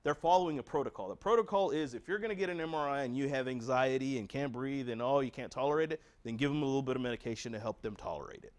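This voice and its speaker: A man with an American accent gives a patient education talk, mid-pitched and direct. He presses his points with rhetorical questions, earnest and practical, speaking straight to the families in front of him. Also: fast, few pauses.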